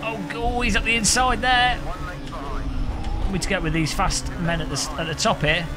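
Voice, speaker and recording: Brief: male streamer, high, very animated voice, jokey race commentary over loud game noise. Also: moderate pace. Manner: excitable, jokey banter with chat. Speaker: live streamer. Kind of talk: live sim racing commentary. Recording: game engine noise behind voice.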